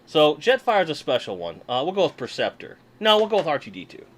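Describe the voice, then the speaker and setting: A man's voice: a little high, very animated, brisk, slight background noise. A man hosting a casual livestream from his desk, chatting and joking with viewers while unboxing toys. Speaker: livestream host. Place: home room at a desk.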